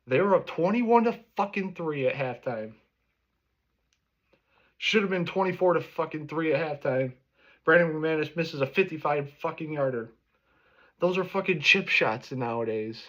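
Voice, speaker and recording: A man's voice: a little high, animated, moderate pace, a bit bright. Man in his 30s, furious profane fan rant, lo-fi sound. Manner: angry, profane ranting. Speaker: sports fan vlogger. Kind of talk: reaction rant. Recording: dull lo-fi recording.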